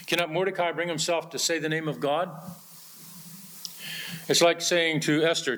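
Pastor guy preaching, earnest, kinda high voice, quotes old bible wording a lot. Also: lively intonation, moderate pace, a bit bright. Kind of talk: sermon.

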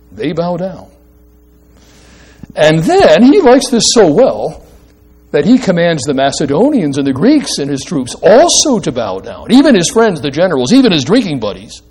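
Male pastor, lively higher voice, emphatic sermon delivery. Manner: animated, emphatic, asks the congregation questions.

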